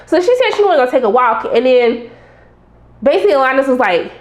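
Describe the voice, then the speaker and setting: High-voiced sassy woman recapping a show. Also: brisk, echoey room. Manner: animated and sassy, acts out reactions to the characters. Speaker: TV recap reviewer. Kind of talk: casual episode recap.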